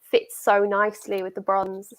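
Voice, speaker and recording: A woman's voice: medium pitch, monotone, normal speed, a bit bright. A young British woman co-hosting a casual chat, enthusiastic and full of fillers. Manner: chatty, filler-heavy, enthusiastic. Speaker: co-host.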